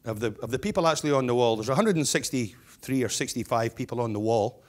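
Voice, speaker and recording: A man's voice: medium pitch, expressive, fast. A middle-aged man, a stonemason and business owner, giving a keynote speech full of humorous anecdotes and chatty restarts.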